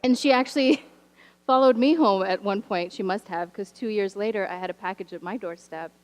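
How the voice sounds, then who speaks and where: Woman, teacher, sermon storytelling, animated, wry asides, church sanctuary. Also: medium pitch, normal speed, low-quality recording. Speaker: teacher sharing a story from the pulpit.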